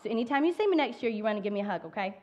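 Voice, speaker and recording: Woman teacher, affectionate, giving class awards, fairly high voice. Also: animated, rapid-fire, lo-fi sound, a little hiss or hum. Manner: warm, affectionate. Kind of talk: award ceremony speech. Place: church sanctuary.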